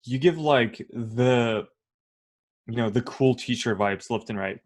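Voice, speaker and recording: A man's voice: mid-range voice, unhurried. A young man in casual podcast chat with an ordinary mid-range voice. He talks in an easygoing, bantering way, tossing in plenty of "like" and "you know". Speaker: podcast co-host.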